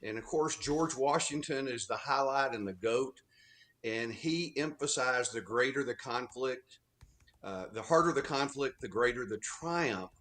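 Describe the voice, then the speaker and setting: A man's voice: medium pitch, measured pace, a bit bright. A man from Texas, a guest author on a talk radio interview, telling history stories in an earnest way. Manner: earnest storytelling.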